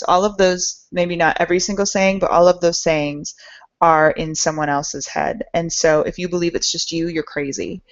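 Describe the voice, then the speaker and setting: A woman's voice: lowish voice, steady tone, normal speed. A woman hosting a podcast, giving an earnest, encouraging motivational talk straight to her listeners. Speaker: podcast host. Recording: dull lo-fi sound.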